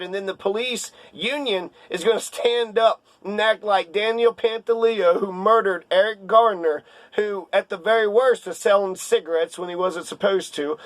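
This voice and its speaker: Heated male commentator, sarcastic rant, high-pitched, dry close mic. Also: no echo. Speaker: political commentator. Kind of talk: casual ranting commentary.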